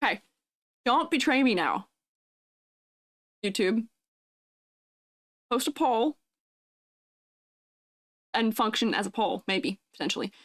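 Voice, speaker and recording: A young adult woman VTuber streamer with a high, youthful-sounding voice, chatting with viewers in a bubbly, giggly way. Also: expressive, slow pace, pauses often, fairly bright tone, no room sound, studio quality. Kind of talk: casual live-stream chat.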